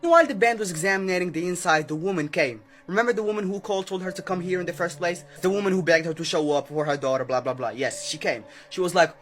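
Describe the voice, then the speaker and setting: A man casually narrating a story to viewers, chatty and filling pauses with "okay?" and "right?". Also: high-pitched, a bit bright, soft background music. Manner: chatty, keeps adding "okay?" and "right?", acts out quotes. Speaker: storyteller host.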